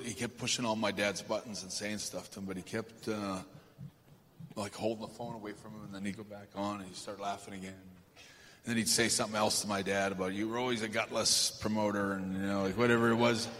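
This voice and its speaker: A man being interviewed on a live stage, telling anecdotes in a rambling, halting way with lots of fillers and chuckles. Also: fairly low pitch, steady tone, fairly bright tone, slight background noise. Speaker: guest. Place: large event hall stage. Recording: reverberant hall, faint ambience.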